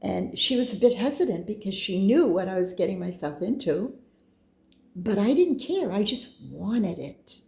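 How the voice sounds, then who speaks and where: Gravelly, mellow-voiced woman telling a story. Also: medium pitch, very animated, normal speed, roomy sound. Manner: chatty, meandering, with asides and quoted dialogue. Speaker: storyteller recounting her own experiences. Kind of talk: casual personal storytelling.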